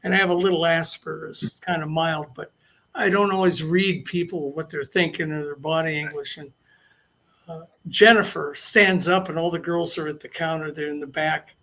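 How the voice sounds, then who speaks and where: A man's voice: a little high, steady tone, moderate pace, bright, forceful tone. An older man telling long anecdotes as an interview guest, rambling and restarting his sentences. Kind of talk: casual storytelling interview.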